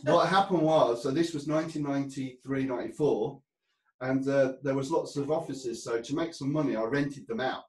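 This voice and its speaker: A man's voice: medium pitch, normal speed, recorded from a distance. Rambling man, roomy sound. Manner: rambling, laughs often, many restarts. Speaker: interview guest. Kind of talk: casual storytelling.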